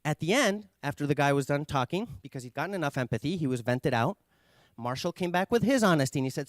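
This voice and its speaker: A man giving an earnest conference talk, explaining ideas and telling a story with pauses and fillers. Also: on the high side, animated, dry recording. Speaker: conference speaker.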